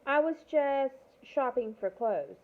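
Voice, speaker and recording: A woman's voice: high-pitched, lively intonation, slow, pitched above the performer's own voice. A woman reading aloud, voicing a nervous bespectacled teenage boy who writes for the school paper. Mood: flustered. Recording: tinny phone-like audio.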